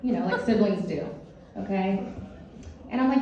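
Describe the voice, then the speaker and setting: A woman's voice: medium pitch, normal speed. Woman telling a comic story in an echoey hall. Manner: animated, self-mocking, casual. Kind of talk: first-person comic storytelling. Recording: echoey hall, distant dull mic, faint hiss.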